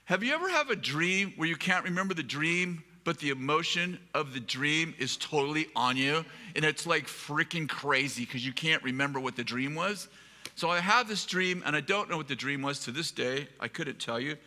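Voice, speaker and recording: A pastor telling a humorous, rambling personal story in a live sermon, with self-deprecating jokes. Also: male voice, on the high side, expressive, normal speed, bright, forceful tone, long reverb tail. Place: live event hall.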